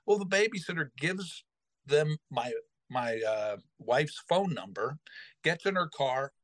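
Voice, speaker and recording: Middle-aged male storyteller, a bit high-pitched, lively, dry close sound. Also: measured pace, dry recording, rough recording. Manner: animated, acts out quoted voices. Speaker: podcast host telling a story. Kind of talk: casual storytelling.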